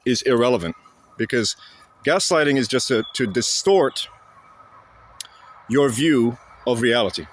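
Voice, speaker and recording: A man talking to camera in a casual explanatory monologue, halting and blunt, with frequent fillers and restarts. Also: medium pitch. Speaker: vlogger.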